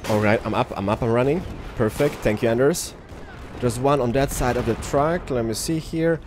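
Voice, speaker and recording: A man's voice: mid-range voice, moderate pace, noisy background. A young man goofing around and calling out action while playing an online shooter with a friend. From Sweden. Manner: playful, goofy, calls out the action. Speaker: gaming guest. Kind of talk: casual gameplay chat.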